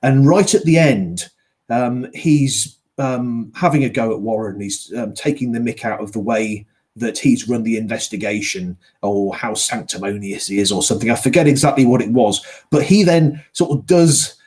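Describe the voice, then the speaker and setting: A man's voice: mid-range voice, moderate pace, a little mellow, breathy edge. A man who narrates audiobooks, chatting casually and hesitating with many ums as he recalls details. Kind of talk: casual conversation.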